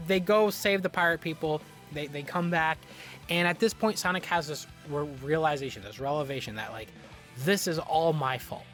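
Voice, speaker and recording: A man giving casual review commentary, exasperated and ranting, swearing freely and often repeating and restarting his words. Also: fairly high pitch. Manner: animated, frequent restarts and repetitions. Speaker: video reviewer.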